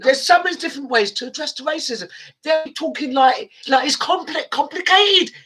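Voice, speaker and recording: Woman host, passionate and heated, animated pitch and bright tone. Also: normal speed. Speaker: radio show host. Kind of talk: impassioned show chat.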